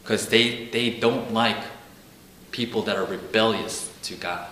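Man, informal bible teaching, repeats himself, acts out quotes, forceful tone. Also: lowish voice, a little slow, reverberant, slight background noise, rough recording. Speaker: preacher.

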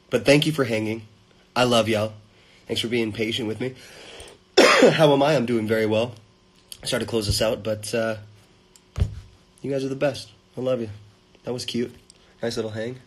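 A man hosting a casual livestream, reading fan comments aloud and greeting viewers in playful, sudden loud bursts into a phone held at arm's length. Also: mid-range voice, breathy edge, rough recording.

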